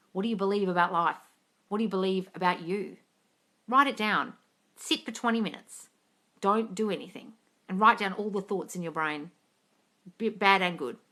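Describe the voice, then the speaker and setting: A woman's voice: on the low side, fairly bright tone. A woman coach answering viewer questions on a live stream, blunt and sweary, calling people darling.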